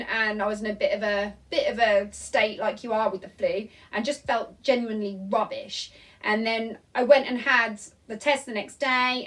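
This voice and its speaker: High-voiced chatty woman vlogger. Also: fairly bright tone, far from the mic, rough recording. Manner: chatty, rambling, full of "um" and "like"; apologetic, reading out viewer comments. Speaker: vlogger hosting a live Q&A. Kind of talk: casual live-stream chat. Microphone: tablet recording.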